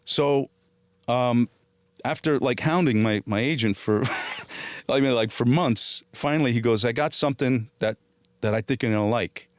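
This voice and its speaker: A middle-aged man telling stories as an interview guest, at an average pitch for a man. He acts out the dialogue he quotes, with many restarts and a bit of casual swearing. The sound is close and dry, with no room echo. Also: normal speed.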